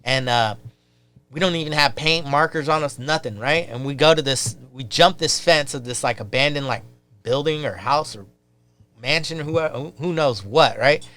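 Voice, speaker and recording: A man's voice: mid-range voice, normal speed, bright, forceful tone, smooth. A man, a podcast guest, telling a rambling, casual story full of fillers and swearing.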